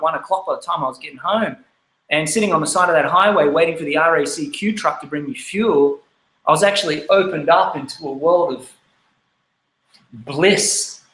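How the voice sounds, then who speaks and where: A man in his thirties with an Australian accent telling his life story, candid and lively as he acts out his younger self. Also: on the high side, roomy sound, rough recording. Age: 30s. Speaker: speaker. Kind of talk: personal life story talk.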